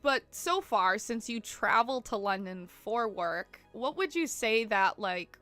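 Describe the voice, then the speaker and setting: A woman's voice: a little high, lively intonation, takes it slowly, fairly bright tone, faint music behind. A Canadian woman from Ontario chatting casually with viewers on a livestream, full of "like" and "um", giggling and apologizing as she goes. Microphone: desk mic she keeps bumping.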